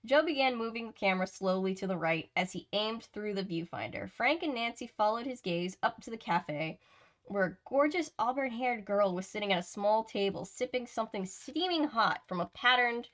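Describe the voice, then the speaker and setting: A woman's voice: medium pitch, animated, moderate pace, a bit bright. A woman hosting a live stream, reading a novel aloud with chatty asides, often stumbling and correcting herself. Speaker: host.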